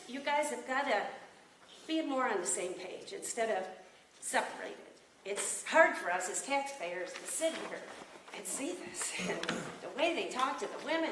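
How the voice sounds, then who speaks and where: A woman giving an earnest, rambling, emotional public comment at a county board meeting. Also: a little high. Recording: echoey room, distant mic, noticeable noise.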